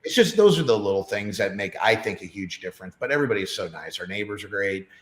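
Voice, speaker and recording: Low-voiced rambling man, roomy echo. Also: animated, fast, a bit bright. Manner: rambling, chatty, many fillers. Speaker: podcast guest. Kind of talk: casual chat.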